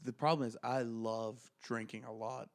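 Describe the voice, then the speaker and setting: A man's voice: mid-range voice, moderate pace. A man co-hosting a podcast, telling stories in casual chat and acting out what others said. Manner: animated storyteller, acts out quotes with laughs. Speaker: podcast co-host.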